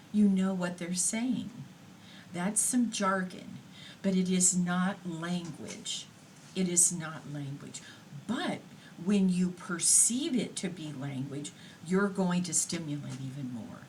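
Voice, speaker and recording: A woman giving a recorded lecture in an unhurried, explanatory way, pausing on fillers now and then. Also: on the low side, slight background noise, poor audio.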